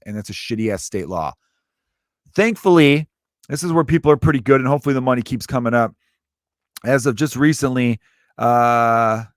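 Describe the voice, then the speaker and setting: Brief: Chicago comic, man, animated profane podcast rant, dry close-miked sound. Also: dry recording. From Chicago, USA. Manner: animated, profane, swings from loud to low. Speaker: stand-up comedian and podcaster. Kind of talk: comedic rant.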